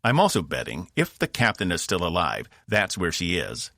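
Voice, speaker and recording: A man's voice: deep voice, huge pitch swings, moderate pace, creaky, bright, forceful tone, dry recording, studio quality, heavily acted. A man doing a curt crew leader. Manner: curt, commanding. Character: tired, firm male crew leader. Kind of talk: audiobook narration.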